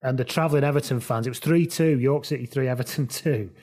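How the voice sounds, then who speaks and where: A man hosting a casual football podcast, telling stories with quick asides. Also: mid-range voice, a little mellow. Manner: chatty storyteller, quick asides. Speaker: podcast host.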